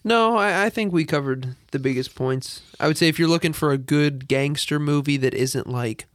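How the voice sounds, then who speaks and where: A man's voice: fairly high pitch, moderate pace, no echo. Easygoing man in dry podcast chat. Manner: easygoing, trailing off, hedging. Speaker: podcast co-host. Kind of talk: casual movie review chat.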